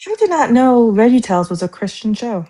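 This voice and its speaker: A woman's voice: on the high side, sing-song, a little fast, mellow. A woman co-hosting a casual livestream, joining in with playful, teasing banter.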